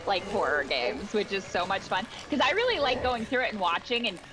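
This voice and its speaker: A woman from the United States, a guest voice actor chatting casually on a game stream, bubbly and quick to laugh. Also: medium pitch, sing-song, bright, forceful tone, soft background music. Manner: bubbly, laughs often, acts out quotes.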